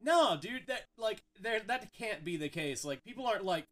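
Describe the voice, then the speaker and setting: A man's voice: fairly high pitch, expressive, brisk, few pauses, a bit bright. A young man hosting a casual podcast chat, rambling and profane, with lots of "like". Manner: rambling, profane, heavy filler "like". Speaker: host.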